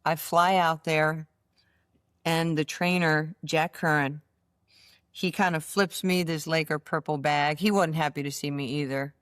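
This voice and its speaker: A woman in her sixties with a New York accent, telling animated stories as an interview guest and acting out the voices in them. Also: low-pitched, measured pace, smooth, no room sound, clean studio sound. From United States. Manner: animated storyteller, acts out voices in her anecdotes. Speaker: interview guest, former basketball player. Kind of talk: casual storytelling interview.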